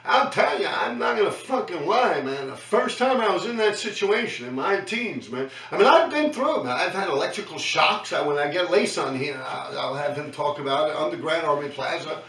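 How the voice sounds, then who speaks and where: Middle-aged New York man, fairly high, sharp voice; profane street storyteller, recorded off-mic in an echoey room. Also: lively intonation, moderate pace, gravelly, few pauses, recorded from a distance. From New York City. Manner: profane, slangy, keeps tagging lines with "man". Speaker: host recounting his graffiti days. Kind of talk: casual storytelling monologue.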